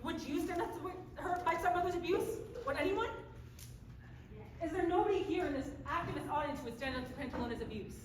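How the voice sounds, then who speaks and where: Woman playing a sarcastic self-pitying cinderella on stage, high voice, far off in a super echoey room. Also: fast, slight background noise. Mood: indignant. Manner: theatrical, self-pitying, mock-cheerful. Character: put-upon sarcastic young woman Cinderella. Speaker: stage actor. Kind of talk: live stage comedy. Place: theater stage.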